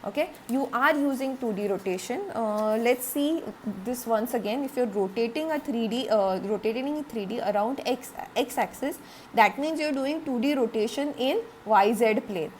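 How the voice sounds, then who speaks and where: A woman's voice: fairly high pitch, moderate pace, a little hiss or hum. A woman giving a recorded classroom lecture, explaining step by step, repeating points, with frequent "okay" and "uh".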